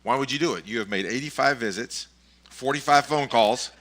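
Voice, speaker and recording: A man's voice: medium pitch, fairly quick, fairly bright tone. A middle-aged male pastor giving a casual, conversational sermon, telling stories with chuckles and frequent restarts. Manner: rambling, chuckling storyteller with many restarts.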